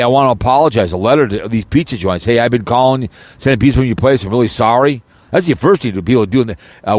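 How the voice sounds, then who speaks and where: A man's voice: medium pitch, a little mellow, no echo. A man delivers an angry, rambling audio rant with a mid-range voice. He loops back over his words, restarts sentences and slips into mocking sarcasm. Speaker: channel host. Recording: audio recording, no video.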